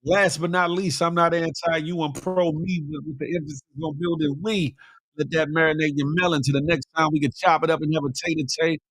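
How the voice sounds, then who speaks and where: A man's voice: on the high side, steady tone, fairly quick, fairly bright tone, breathy edge, no room sound, clean studio sound. A middle-aged man hosting a morning livestream, reading viewer comments aloud in casual, slangy banter, often laughing. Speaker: host of a morning livestream show.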